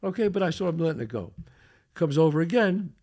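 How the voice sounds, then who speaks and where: Brief: male podcast host, gravelly and lively, spins anecdotes and plays every part. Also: fairly high pitch, a little fast. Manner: animated storyteller acting out quotes. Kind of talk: casual chat.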